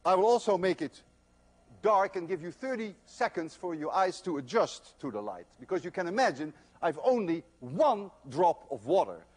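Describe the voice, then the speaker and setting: Older male lecturer, emphatic storyteller, voice a bit high, highly varied intonation. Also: sing-song, normal speed. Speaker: physics lecturer. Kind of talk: university lecture. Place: lecture hall.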